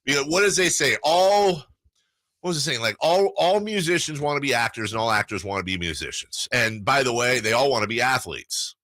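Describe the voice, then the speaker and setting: A man hosting a sports radio show, telling animated stories in casual banter. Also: medium pitch, no echo. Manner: animated storyteller, excitable, quick asides. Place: radio studio.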